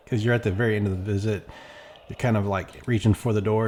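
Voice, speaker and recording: A man's voice: fairly low pitch, steady tone, a little fast, darkish tone. A man chatting casually while playing a game, rambling and acting out quoted exchanges. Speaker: gameplay streamer. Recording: faint background music.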